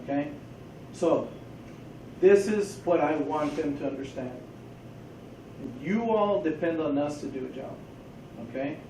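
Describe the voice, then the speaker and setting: Joking police trainer in an echoey room. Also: male voice, fairly high pitch, distant mic, slight background noise. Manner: casual, joking, animated briefing. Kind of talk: briefing a training scenario.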